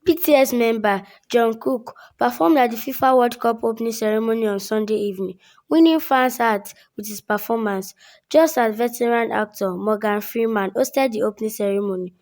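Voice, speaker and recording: A woman reading the sports news in a steady, formal style as anchor. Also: fairly high pitch, normal speed. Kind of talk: read news bulletin.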